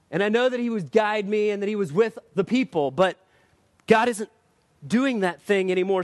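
High-voiced man preaching a casual sermon. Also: no echo. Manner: conversational and emphatic, rising to urgent appeals. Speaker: pastor.

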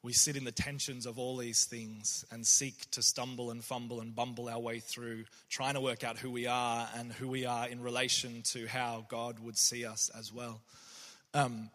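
A man's voice: medium pitch, level tone, normal speed, bright, forceful tone, big-room sound. A man, a poet, giving a reflective faith talk that mixes in stories. He speaks earnestly, often restarts his sentences, and briefly acts out the voices of people he quotes.

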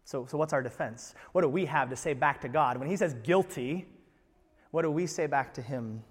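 A man preaching in a fairly high voice, his words trailing into the long reverb of a church hall. He is emphatic, swings from hushed lines to loud ones, and asks his congregation rhetorical questions. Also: normal speed, breathy edge. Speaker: pastor. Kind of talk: sermon.

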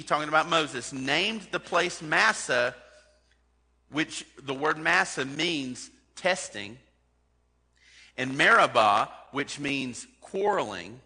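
A man's voice: fairly high pitch, expressive, a little slow, sharp tone, breathy edge. A man preaching a sermon as a pastor, talking in a conversational way and putting direct questions to his congregation. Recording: long hall reverb.

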